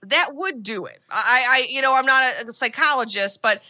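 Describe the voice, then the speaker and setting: A woman's voice: high voice, moderate pace, bright, forceful tone. A woman co-hosting a podcast, retelling a film plot in a chatty, casual way full of "like"s and restarts. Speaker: podcast co-host.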